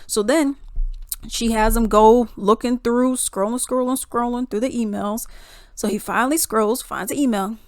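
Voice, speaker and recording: A woman vlogger telling a story in a casual, animated, exclamatory way. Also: a little high, moderate pace, dry recording, clean studio sound.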